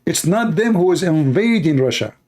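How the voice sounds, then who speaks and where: A man's voice: a little high, lively intonation, normal speed, darkish tone. A man giving heated reaction commentary on a news clip, hurling insults and arguing in broken, non-standard English. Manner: angry, insulting, argumentative.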